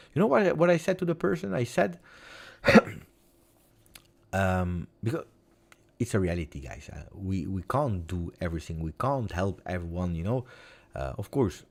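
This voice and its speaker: A man in his forties with an Italian accent, hosting a casual live stream, emotional and repeating himself. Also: low voice. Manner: emotional, repeats words, shifts between loud and soft. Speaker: football fan channel host.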